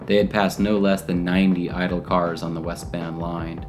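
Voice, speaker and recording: A man narrating a scripted audio drama in a measured, even storytelling manner. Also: low-pitched. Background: guitar music.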